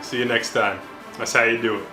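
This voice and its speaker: A man's voice: mid-range voice, fairly quick, over music. A man hosting a home cooking show, casually walking viewers through the steps and cracking jokes. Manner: joking, relaxed, talks to viewers.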